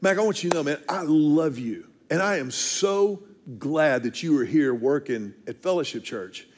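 A man quoting an older male pastor, speaking in a hushed, confiding way. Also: on the high side, expressive, normal speed, pitched below the performer's own voice. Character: older male pastor, fond but firm.

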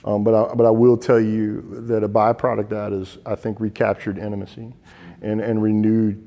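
A middle-aged man, a military veteran, tells stories in an interview, earnest and halting, often repeating words as he goes. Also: fairly low pitch, level tone, warm tone, in a large hall. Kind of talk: interview storytelling.

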